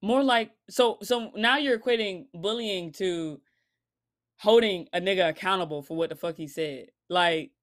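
A woman ranting casually to camera in a blunt, profane vlog commentary. She laughs between points and swings from loud outbursts to low mutters. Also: moderate pace. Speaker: commentary vlogger. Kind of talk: casual opinion rant to camera.

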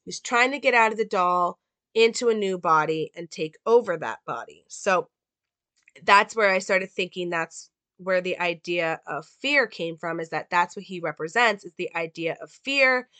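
A woman walks through a film's plot and meaning in a relaxed, rambling way. Her voice is bright and crisp, and the recording is dry with no room sound. She fills her pauses with "like" and "um.". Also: on the low side, no room sound. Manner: loose, with many "like" and "um" fillers. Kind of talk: casual film analysis and plot recap.

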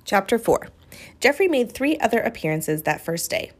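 A woman narrating an audiobook in an expressive storytelling manner. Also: a little high, moderate pace. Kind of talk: audiobook reading.

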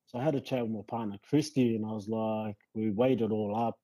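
Very dark-voiced New man. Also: on the low side, a little fast, no room sound, rough recording. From New Zealand. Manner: relaxed, rambling with many fillers. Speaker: guest, rugby league player. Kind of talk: casual podcast interview.

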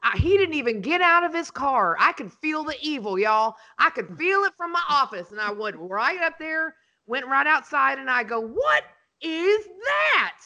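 A woman, a podcast host and real estate agent telling animated, dramatic stories in casual chat. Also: sits high, moderate pace, few pauses.

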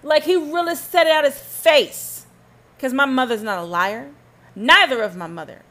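Casting note: woman, podcast host, mid-pitched voice, sarcastic and emphatic, talks to herself with hums and rhetorical questions. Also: lively intonation, moderate pace, a bit bright. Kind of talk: solo podcast monologue.

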